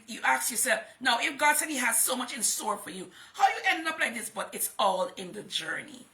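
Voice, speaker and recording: A woman's voice: on the high side, gravelly, sharp tone. A woman hosting a livestream, giving an emphatic motivational talk and repeating phrases for stress. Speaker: host and motivational speaker.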